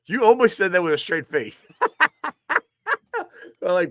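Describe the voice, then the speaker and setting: A man hosting a casual football show, laughing a lot and talking loosely and excitedly. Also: a little high, a little slow, long pauses, dry recording, studio quality. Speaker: show host. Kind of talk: casual sports show chat.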